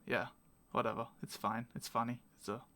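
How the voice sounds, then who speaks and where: A man's voice: mid-range voice, flat delivery, fairly quick, bright, forceful tone. A young man hosting a casual podcast chat from home, rambling and self-mocking and laughing often. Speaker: podcast host.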